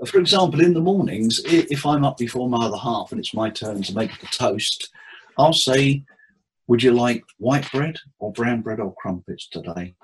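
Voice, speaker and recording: A man's voice: medium pitch, normal speed, slight background noise, low-quality recording. A man who works as a therapist, chatting in an interview and acting out conversations with his clients as he tells them. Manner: animated storyteller acting out client dialogue. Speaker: therapist guest. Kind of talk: casual interview chat.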